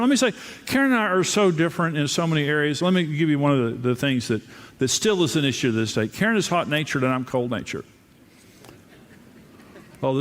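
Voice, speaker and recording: A man's voice: fairly high pitch, long reverb tail. An older man as pastor, giving a sermon on marriage with humorous storytelling, his voice jumping up when he mimics others. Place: large room with a live audience.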